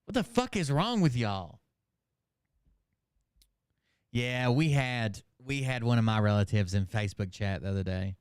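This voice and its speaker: A man's voice: medium pitch, animated, moderate pace, clean tone, no echo, clean studio sound. A man hosting a casual commentary show, reading comments aloud and mocking them with sarcastic, profane asides.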